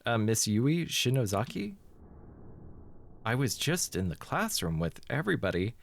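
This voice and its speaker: A man's voice: medium pitch, big pitch swings, a little slow, creaky, heavily acted. Awkward teen schoolboy, hesitant delivery, horror game, voiced by a man.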